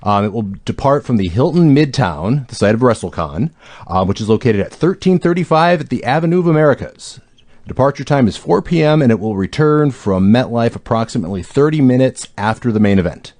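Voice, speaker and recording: A man's voice: medium pitch, lively intonation, a little fast, a little mellow. A man reading event announcements on a podcast, casual and self-deprecating, stumbling over the details.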